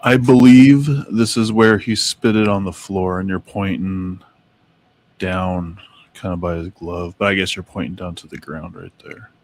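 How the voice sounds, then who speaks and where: Low-pitched guy reading out notes on a chatty stream, stumbles a bit on names. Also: fairly even intonation, unhurried. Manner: reads aloud with stumbles over names. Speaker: co-host reading Mandela effect notes. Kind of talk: casual chat.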